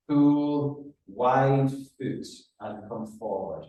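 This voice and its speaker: A man leading a guided exercise class as a running rehab coach, giving calm cues and counting down reps. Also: on the low side, extremely slow, few pauses. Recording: very echoey room, mic far off.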